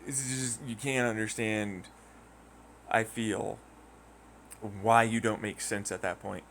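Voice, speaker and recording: A man's voice: fairly low pitch, steady tone, slow pace, fairly bright tone, a little hiss or hum. A man ranting casually and profanely, rambling through a story and acting out quoted voices in mocking tones. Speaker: podcast host. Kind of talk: casual rant.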